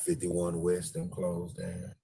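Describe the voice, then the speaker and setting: A man with a deep, gravelly, slightly rough voice and a dark tone speaks slowly in a monotone. He hosts a livestream outdoors in front of a store, rambling through casual street commentary and cracking crude jokes.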